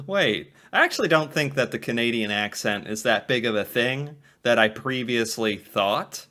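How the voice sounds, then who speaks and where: A man from the United States chats casually while reacting to a video. His voice is mid-pitched and bright. He muses aloud and laughs often as he works through ideas. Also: lively intonation, unhurried. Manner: musing, thinks aloud with frequent laughs.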